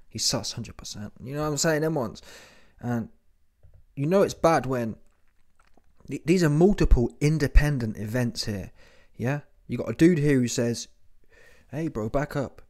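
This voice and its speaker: Male host, mid-pitched, mocking slangy commentary full of "yeah?" tags. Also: darkish tone. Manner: slangy, mocking, keeps tagging lines with "yeah?". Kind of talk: casual commentary.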